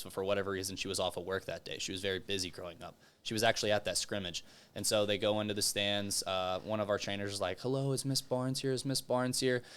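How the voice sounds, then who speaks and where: A young adult man from Texas, appearing as a guest author, tells a personal story in casual conversation. His fairly low voice is animated and comes through cleanly, and he acts out the voices of the people he quotes.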